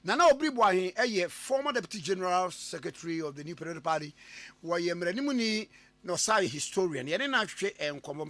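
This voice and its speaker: A man hosting a radio talk show, switching between English and Twi and pressing his guest with lively, stumbling questions. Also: sits high, fairly quick. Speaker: radio host.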